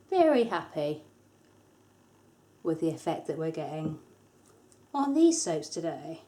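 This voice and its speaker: A woman narrates a hands-on craft tutorial as its host. She sounds casual and chatty, with light self-deprecating humour. Her voice sits at an ordinary middle pitch. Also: warm tone. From England. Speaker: soap maker, tutorial host.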